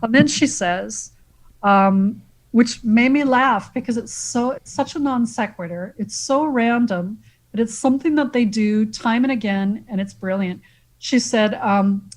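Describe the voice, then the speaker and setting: A woman from Canada talks as a podcast guest in a casual, animated way. Her voice sits slightly higher than most. She keeps the conversation moving with energy. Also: unhurried, rough recording. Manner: animated, quotes lines from scenes. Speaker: guest, comedic actress.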